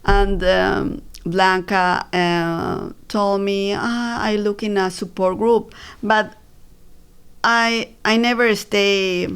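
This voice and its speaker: A woman, telling her personal story as an interview guest, halting with many fillers and restarts. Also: mid-range voice, fairly even intonation, a bit bright, clean tone. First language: Spanish.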